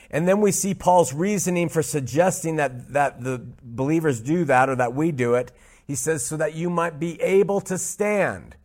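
A man teaching a Bible study, speaking emphatically, repeating key points and slowing down to stress scripture. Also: on the high side, a little mellow.

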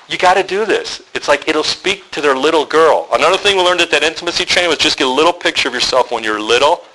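A man's voice: on the high side, expressive, fast, few pauses, bright, forceful tone, slight background noise, rough recording. A man speaking to a group of men in a sermon, a candid, joking storyteller who acts out the people he quotes. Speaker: men's ministry speaker.

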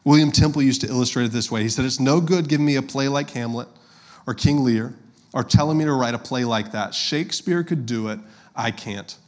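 A man's voice: mid-range voice, a little fast. A man, preaching a sermon as a pastor in a conversational, storytelling way and addressing the congregation directly.

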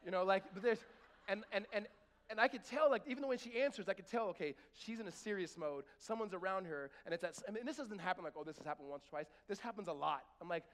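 A man's voice: high-pitched, quick pace, big-room sound. A middle-aged man preaching a sermon in church, talking in a conversational way and acting out little scenes. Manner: conversational, animated storytelling with acted-out voices. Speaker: pastor.

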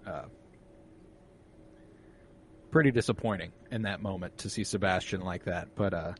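A man's voice: deep voice, moderate pace, slight background noise. A young man in casual conversation about a movie, laid-back and given to swearing, now and then acting out the characters' lines. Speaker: co-host discussing a film. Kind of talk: casual chat.

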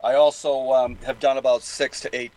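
A man's voice: mid-range voice, flat delivery, moderate pace, darkish tone, rough recording. Rambling Boston-accented older man. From New England. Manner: rambling, many restarts and fillers. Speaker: guest. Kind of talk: casual interview talk.

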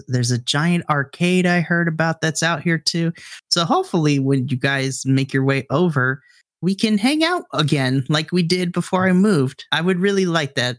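A man voicing a friendly, easily embarrassed teenage boy who talks quickly and eagerly. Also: fairly high pitch, expressive, fairly bright tone, dry recording, studio quality, voice pushed up.

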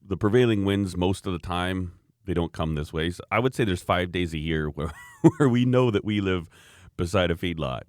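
A man's voice: low voice, moderate pace, dry recording. A man co-hosting a podcast, telling rambling, easygoing stories full of fillers. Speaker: podcast co-host. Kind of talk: casual chat.

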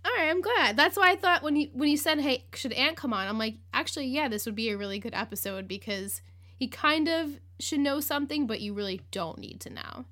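A woman's voice: high voice, expressive, fairly quick, bright, forceful tone. A woman hosting a podcast, recapping an episode in casual chat, with lots of "like", acted-out quotes and laughter. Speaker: podcast host.

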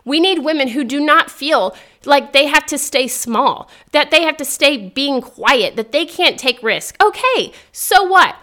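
Young female podcast host, faith talk, upbeat and earnest, slightly high voice. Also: a little slow, hardly any pauses. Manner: earnest, upbeat, laughs often, excitable rises.

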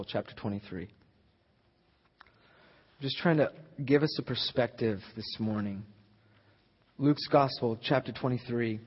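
A man preaching a sermon as a guest speaker, conversational at times and building to loud, emphatic peaks. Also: mid-range voice, slightly rough. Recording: echoey hall, slightly dull sound.

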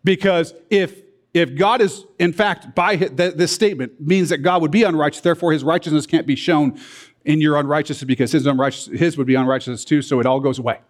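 A man's voice: a little high, brisk. A man preaching a verse-by-verse sermon, explaining a hard passage with emphatic, blunt asides and frequent checks that listeners follow. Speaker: pastor teaching a Bible study.

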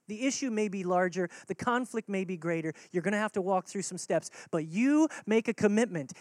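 A man's voice: high voice, darkish tone, dry recording, studio quality. A man preaching a sermon as pastor, earnest and conversational, repeating key words for emphasis.

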